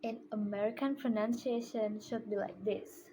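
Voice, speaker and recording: A young woman with an Indonesian accent, a student presenting her own recorded class work and slowly repeating words to demonstrate them. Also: fairly high pitch, fairly even intonation, dark tone, breathy edge, low-quality recording.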